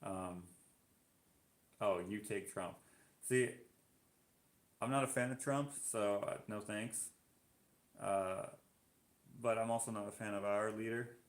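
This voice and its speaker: A man's voice: on the low side, steady tone, slow, long pauses. Chatty Canadian man in roomy echo. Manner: chatty, reacting aloud to viewer comments. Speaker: live-stream host. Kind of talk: casual chat reading live comments.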